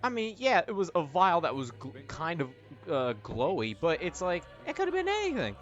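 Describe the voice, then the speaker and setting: A man riffs through sarcastic, exasperated reaction commentary, cursing freely as he goes. His voice sits high for a man, and the recording is slightly muffled. Faint movie music plays under him. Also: huge pitch swings, moderate pace, hardly any pauses, fairly bright tone. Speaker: YouTuber.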